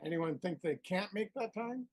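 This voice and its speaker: A man's voice: sits high, animated, normal speed, dry recording. A man running the game, setting the next session's date in casual chat.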